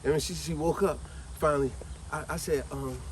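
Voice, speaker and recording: A man, hosting a casual vlog and telling a family story in a lively way. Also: on the high side, a little fast, slight background noise. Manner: lively, animated, laughs while telling. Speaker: vlog host.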